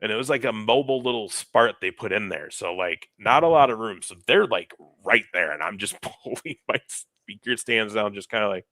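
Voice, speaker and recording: Young guy on a podcast, lively swooping voice, bright and dry, really animated storytelling. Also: on the low side, moderate pace, hardly any pauses, no room sound. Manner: animated, acts out quoted people. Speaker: podcast co-host. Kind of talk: casual storytelling.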